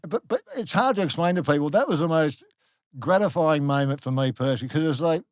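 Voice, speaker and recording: A man's voice: fairly high pitch, fast, no room sound, clean studio sound. A middle-aged Australian man, a former rugby league player, telling stories in a casual podcast interview, full of fillers and restarts. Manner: animated storyteller, many fillers and restarts.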